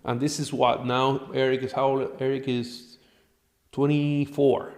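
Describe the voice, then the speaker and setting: A middle-aged man, a doctor guest on a podcast, telling animated patient stories in a blunt, profane way. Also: mid-range voice, measured pace. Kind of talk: storytelling in a podcast interview.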